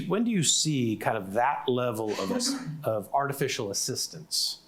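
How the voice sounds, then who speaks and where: A man moderating a casual panel discussion, telling an animated story and acting out what others said. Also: lowish voice.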